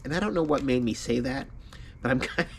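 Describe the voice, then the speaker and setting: A man's voice: medium pitch, expressive, a little fast, a little hiss or hum. Man telling a story, laughing often. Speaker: vlogger. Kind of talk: casual personal storytelling.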